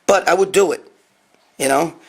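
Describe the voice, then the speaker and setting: A man's voice: on the high side, moderate pace, gravelly, husky. A man hosting a casual live stream, rambling and swearing as he reads out viewer questions on his phone. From New York. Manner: profane, rambling, reads comments aloud. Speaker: host answering viewer questions.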